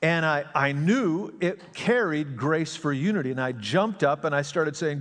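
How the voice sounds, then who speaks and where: Joking pastor preaching in a reverberant sanctuary. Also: male voice, a little high, expressive, normal speed, few pauses, a bit bright. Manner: joking, storytelling, drops voice for asides. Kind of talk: sermon. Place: church sanctuary. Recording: long reverb of a church sanctuary.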